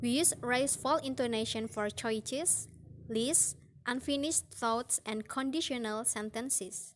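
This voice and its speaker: Slow, careful young woman reading a lesson. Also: a little high, a little hiss or hum. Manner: slow, careful reading with acted example sentences. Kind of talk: reading a phonetics lesson aloud.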